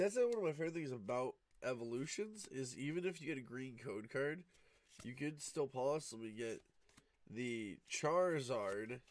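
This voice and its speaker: A groggy man commenting as he opens card packs, his talk low-key and close to a monotone. He has just woken up, and his voice sits at a middling pitch for a man. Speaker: card-opening channel host. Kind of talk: casual pack-opening commentary. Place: home room at night, cat nearby.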